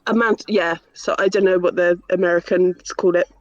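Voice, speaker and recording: A woman's voice: fairly low pitch, steady tone, normal speed, dry recording, lo-fi sound. A woman telling a teasing story in a casual streamed group chat.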